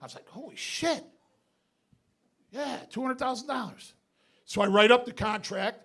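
A middle-aged man from upstate New York doing stand-up, telling a story in a profane, animated way and shouting the punchlines. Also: very high-pitched, moderate pace, breathy edge. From Binghamton, New York. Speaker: stand-up comedian. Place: comedy club stage with live audience. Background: audience laughter.

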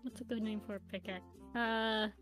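A woman with a fairly high voice chats casually with a friend during a game stream. She teases and laughs easily, and faint music plays behind her. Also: steady tone, a bit bright. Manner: teasing, quick to laugh. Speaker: co-player and friend. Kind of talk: casual gameplay chat.

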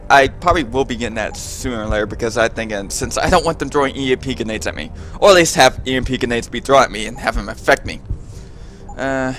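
Excitable man playing a game. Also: mid-range voice. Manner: excitable, exclaiming and laughing. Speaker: let's play gamer. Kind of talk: casual game commentary.

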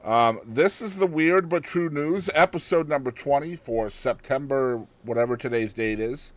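A man with a mid-range voice speaks at a normal speed as a podcast co-host. He reads a news story out in casual chat, tossing in joking asides and laughing often.

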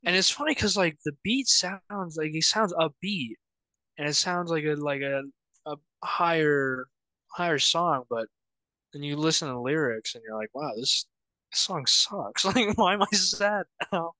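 A young man from Wyoming co-hosting a casual music chat, animated and laughing often as he trails off and restarts. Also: fairly high pitch, normal speed, dry recording, low-quality recording. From Wyoming, United States. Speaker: podcast co-host presenting songs.

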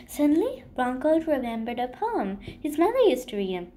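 A woman reading a children's picture book aloud in a gentle, expressive storytelling voice. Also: high voice, normal speed, few pauses, a little hiss or hum. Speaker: storybook reader.

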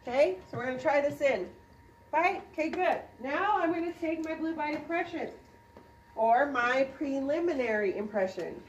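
A woman, a dental instructor, demonstrating a procedure to a class and quizzing students with quick questions. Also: high-pitched, lively intonation, far from the mic, slight background noise. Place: clinic classroom. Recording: roomy sound from off-mic.

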